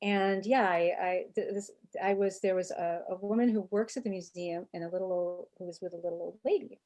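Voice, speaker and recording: A woman anthropologist telling a personal story on a video call, animated and often restarting her sentences. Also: on the low side, brisk. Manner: animated, self-interrupting storyteller. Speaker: anthropologist and author, guest.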